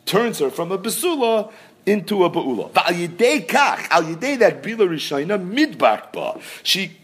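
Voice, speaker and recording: A man's voice: high-pitched, moderate pace. A man giving a Talmud lesson, explaining the text with emphatic questions and answers. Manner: lively, emphatic teaching with rhetorical questions. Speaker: Talmud teacher. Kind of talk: daf yomi Talmud lecture.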